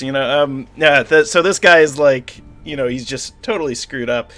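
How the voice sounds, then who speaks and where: A man's voice: mid-range voice, moderate pace, few pauses, dry recording. A man narrating as game master of a tabletop spy game, voicing the other characters in a loose, joking way. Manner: animated, voices NPCs with laughter.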